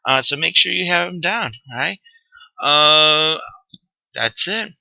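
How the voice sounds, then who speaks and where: A man's voice: on the high side, lively intonation, slow pace, vocal fry, sharp tone, no room sound, poor audio. A man teaching a recorded vocabulary lesson, upbeat and joking, checking in with "okay?" often. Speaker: Spanish teacher.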